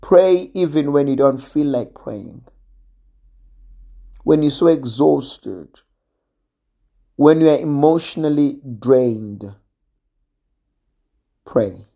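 A preacher giving a sermon in a measured, gently emphatic way, pausing often. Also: mid-range voice, animated. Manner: slow, measured, with gentle emphasis and long pauses.

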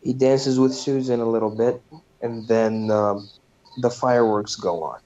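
Podcast guy slowly retelling a movie, swears a lot, ums everywhere, muffled lo-fi sound. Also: mid-range voice, fairly even intonation, mellow, a little hiss or hum. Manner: loose and profane, with frequent fillers. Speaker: podcast host. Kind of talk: casual movie recap. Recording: dull lo-fi recording.

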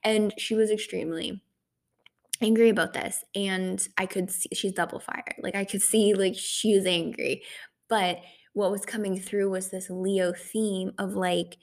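Young woman rambling on her astrology podcast, kinda gravelly, lots of likes and rights. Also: medium pitch, steady tone, unhurried. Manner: chatty, full of "like" and "right?" fillers. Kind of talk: casual solo podcast talk.

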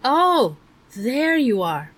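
Casting note: woman narrator as small bossy boy, shouting, raised pitch. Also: animated, measured pace, slightly rough, exaggerated voice. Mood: indignant. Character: small clever indignant young boy.

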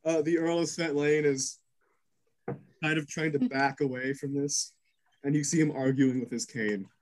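A man's voice: a little high, steady tone, low-quality recording. A man narrating chaos as game master of a tabletop game, cursing and filling gaps with ums. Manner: rapid, crude narration full of fillers.

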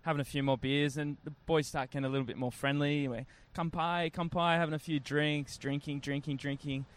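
A man in a relaxed conversation, chatty and laid-back, telling a travel story with slang. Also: a little high, brisk. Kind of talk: casual storytelling chat.

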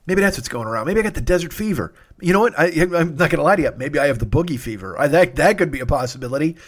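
A man's voice: fairly high pitch, animated, rapid-fire, husky. A man hosting a solo comedy podcast, tired and sniffly, rambling and swearing with self-mocking humor.

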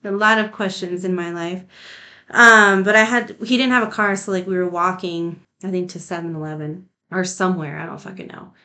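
A woman's voice: mid-range voice, bright, forceful tone. Profane, nonchalant woman podcast host. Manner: nonchalant, heavy swearing, frequent "like"; laughs between sentences. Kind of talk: casual conversation.

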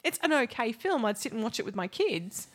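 A middle-aged woman co-hosting a casual film chat, with a fairly high voice. She talks frankly, laughs often and acts out other people's voices when she quotes them. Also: big pitch swings, a little fast. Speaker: podcast co-host.

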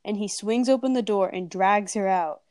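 A woman's voice: medium pitch, normal speed, a little mellow, smooth, no echo. A young woman casually telling a scary story to friends on a call, drawing out the sound words for effect.

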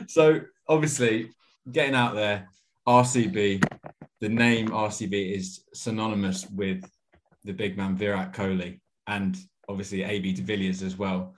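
A man's voice: lowish voice, steady tone, measured pace, a little hiss or hum. A man hosting a podcast who asks questions with a teasing, joking edge. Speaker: podcast host. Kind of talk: casual podcast interview.

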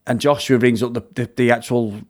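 Guy gabbing about a film, swears a lot, laughs a lot, middle pitch. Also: fairly quick. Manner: animated, swears, laughs often, retells scenes at length. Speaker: podcast co-host reviewing films. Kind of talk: casual chat.

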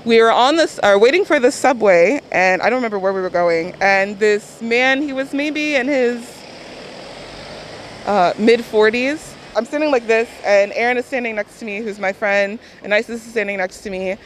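A woman telling an anecdote in an animated way, acting out what people said. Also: on the high side, moderate pace, slight background noise, rough recording. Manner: animated storyteller, quotes people vividly. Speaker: interviewee. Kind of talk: lively anecdote.

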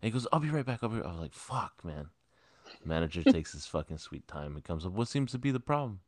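A man with a very deep voice tells a story on a podcast in a loose, profane way, acting out the people he quotes. The sound is dry and close to the mic. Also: expressive, fast, a little mellow, no echo. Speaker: podcast co-host. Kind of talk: casual storytelling chat. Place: podcast studio.

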